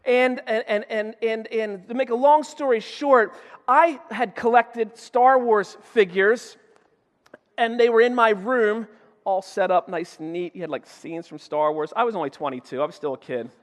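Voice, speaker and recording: A man preaching a sermon as a pastor, telling stories dramatically and swinging between loud urgent outbursts and hushed low asides. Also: normal speed. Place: church sanctuary. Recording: long reverb of a church hall.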